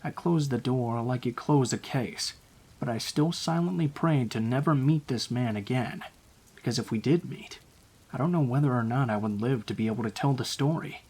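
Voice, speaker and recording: A man narrating true horror stories in a calm, low-key scripted reading. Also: moderate pace, husky.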